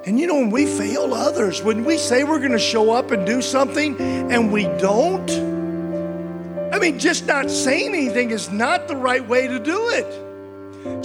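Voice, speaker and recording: High-voiced man preaching with fervor. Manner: impassioned preaching, swings from loud to hushed. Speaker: pastor. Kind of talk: sermon.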